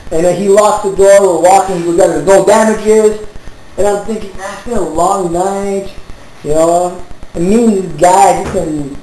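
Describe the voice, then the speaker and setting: A man casually telling an anecdote to friends, swearing and acting out both sides of an argument. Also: sits high. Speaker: storyteller among friends. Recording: very echoey room with faint ambient noise.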